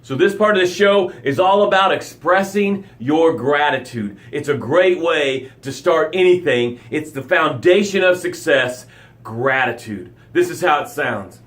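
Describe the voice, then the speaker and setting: A man hosting a motivational live broadcast, speaking directly to his listeners in short punchy phrases and swinging from loud emphasis to hushed low lines. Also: expressive, measured pace. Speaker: motivational coach and show host.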